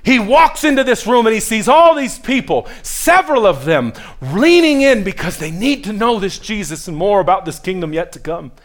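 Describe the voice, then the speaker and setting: A high-pitched male pastor delivering a sermon, pressing his listeners directly. He swings between near-whispered, quiet stretches and loud, emphatic peaks. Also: animated, moderate pace, few pauses. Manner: earnest, pushes the listeners directly.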